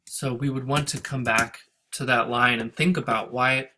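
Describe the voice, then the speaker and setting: A man's voice: medium pitch, steady tone, normal speed, bright, forceful tone, a little hiss or hum. A man teaching a recorded lesson on scanning a poem, thinking aloud with restarts and reading lines of verse in a sing-song rhythm. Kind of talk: recorded lecture on poetry scansion.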